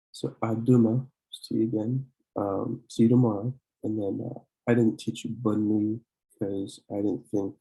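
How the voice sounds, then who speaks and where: Young guy teaching a french lesson, flat and dark voice, stops to clear his throat a lot. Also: lowish voice, low-quality recording. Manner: clears throat often, pauses to correct himself; slow, repeated pronunciation drills. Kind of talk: slide-based language lesson.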